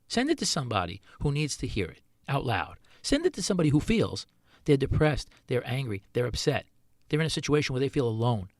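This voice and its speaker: A man's voice: mid-range voice, no echo, studio quality. A middle-aged man, a chef hosting his own podcast, talking earnestly in a solo monologue full of rhetorical questions.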